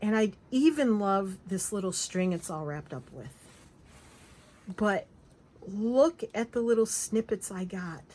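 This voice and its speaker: A woman vlogger gushes excitedly over craft papers and fabrics in a casual show-and-tell chat, often trailing off and starting again. Her voice is mid-range and her pace a little slow.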